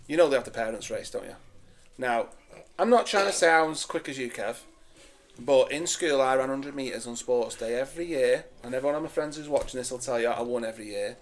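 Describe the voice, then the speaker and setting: A man's voice: mid-range voice, brisk. A man, telling a story in a casual, laughing, sweary way as a podcast guest. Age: 40s. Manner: animated, laughing, sweary banter.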